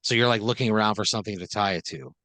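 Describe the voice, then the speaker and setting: A man's voice: lowish voice, rapid-fire, pushed and bright, dry recording. A man improvising a comedic second-person story on a podcast, rambling loosely with lots of fillers.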